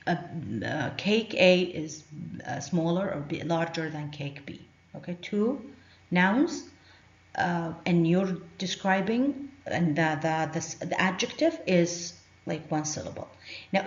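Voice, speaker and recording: Female teacher, halting grammar walkthrough, lo-fi dull recording with room echo. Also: fairly low pitch. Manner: hesitant, halting explanations with many fillers. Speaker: English teacher.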